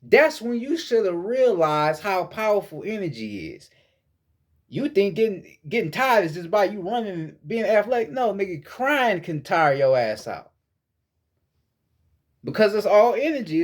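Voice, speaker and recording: A man giving a casual spiritual monologue as a vlogger, lecturing bluntly with heavy profanity and frequent repetition. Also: high-pitched.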